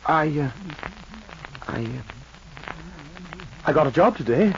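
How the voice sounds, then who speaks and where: An actor playing a meek, stammering man courting a woman in a 1940s radio drama, halting and bashful in his speech. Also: fairly high pitch, lively intonation, vocal fry, full character voice. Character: meek stammering swindler posing as shy suitor. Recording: muffled old radio recording, faint hiss.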